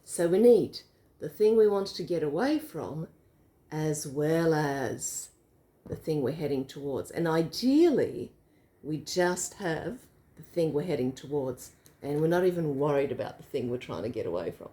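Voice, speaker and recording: Mellow low-voiced woman explaining casually. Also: big pitch swings, measured pace. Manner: explains with a visual demo, laughs easily. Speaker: co-host. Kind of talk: casual bedtime reflection chat.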